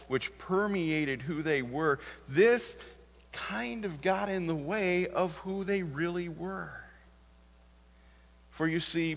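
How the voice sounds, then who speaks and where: Guy preaching in a big church hall, kinda high voice, quiet then punchy, sound a bit muffled and echoey. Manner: swings from quiet to emphatic, stresses key words. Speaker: pastor. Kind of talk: sermon.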